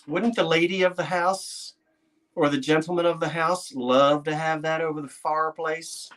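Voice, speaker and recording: Antiques dealer, male, excitable vlogger, chatty and prone to laughing. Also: fairly high pitch, moderate pace. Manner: chatty, excitable, laughs often, talks to himself. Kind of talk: casual vlog talk to viewers.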